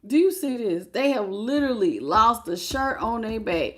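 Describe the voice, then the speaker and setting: A woman with a fairly high voice gives a live tarot reading. She talks in a lively, slangy, casual way. She laughs often and greets her viewers by name as she goes. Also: normal speed. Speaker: tarot reader.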